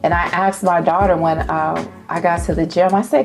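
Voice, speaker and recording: A woman vlogging about perfume in a casual, animated way, testifying and calling her viewers y'all. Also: fairly low pitch, normal speed, vocal fry, faint music behind. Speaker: fragrance vlogger. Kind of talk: casual chat to camera.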